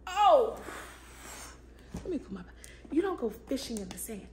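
A woman with a fairly high voice shares a casual faith reflection, talking informally and emphatically and often breaking into bursts of praise. The room around her echoes, and a faint ambient hum sits underneath. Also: sing-song, a little fast, dark tone. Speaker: vlogger, show host.

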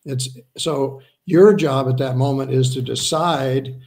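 A man, a spiritual healer, earnestly explaining his ideas in a conversational interview, slowing down to stress points. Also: medium pitch, steady tone, a little mellow. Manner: earnest, slows down to stress points, acts out quoted voices.

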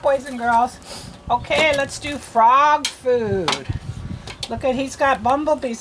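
A woman teaching young children to read, stretching each letter sound slowly in a sing-song drill. Her voice sits a little high and moves at an unhurried pace. A faint hiss of noise runs underneath. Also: a bit bright. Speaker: reading teacher. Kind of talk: children's phonics lesson.

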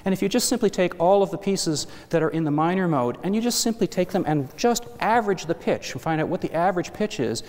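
A man's voice: high voice, expressive, quick pace, few pauses, a little mellow. A man giving an academic lecture to an audience, explaining step by step with asides and self-corrections. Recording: hall reverb.

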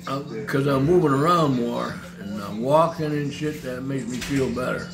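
An older man, a grandfather, telling jokes and chatting in a gruff, crude, teasing way. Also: medium pitch, normal speed, over music. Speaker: grandfather and joke teller. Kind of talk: casual chat.

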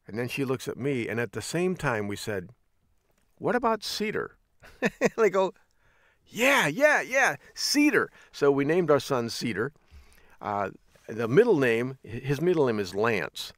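A man's voice: mid-range voice, no room sound, studio quality. A middle-aged American man hosting a show, telling folksy stories in a casual monologue and acting out the people he quotes. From United States. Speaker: podcast host.

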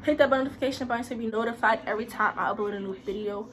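A teenage girl chatting casually to her viewers in a vlog, her voice hoarse and worn from cheering and a little out of breath. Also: fairly high pitch, racing, a little hiss or hum. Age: late teens. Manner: chatty, talks straight to viewers. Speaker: vlogger.

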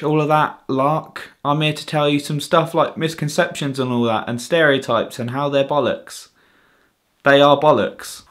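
A young English man doing a casual comedic vlog monologue, cheeky and sarcastic, swearing freely. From Britain. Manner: cheeky, sarcastic and swearing, with animated swings in pitch. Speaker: vlogger.

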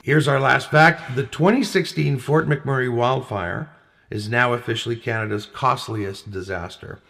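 A man's voice: medium pitch, measured pace, creaky, a bit bright. A man co-hosting a casual talk show, reading out facts and list items and chuckling often. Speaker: co-host.

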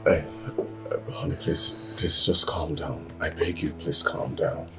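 A deep-voiced, anxious husband who stammers and pleads in a slow, halting way. Clear film music plays under his lines. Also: steady tone. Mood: pleading. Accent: Nigerian. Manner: stammering, begging.

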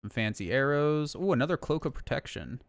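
A young man streaming a video game from home, chatting casually with a relaxed, sweary manner and lots of fillers. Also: mid-range voice, a little fast, no room sound. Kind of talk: casual gameplay chat.

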